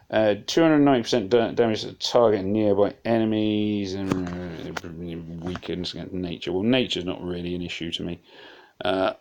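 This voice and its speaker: A man giving casual, rambling commentary on a mobile puzzle game as he plays, full of fillers and self-deprecating asides. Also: deep voice.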